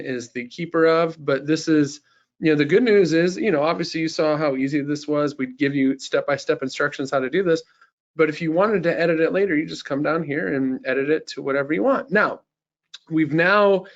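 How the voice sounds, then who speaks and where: A man hosting a webinar and walking viewers through a sales demo, upbeat and full of casual fillers. His voice sits a little high, and the audio is slightly muffled, as from a screen recording. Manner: upbeat salesman, many fillers like you know. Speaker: webinar presenter. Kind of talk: live software sales demo.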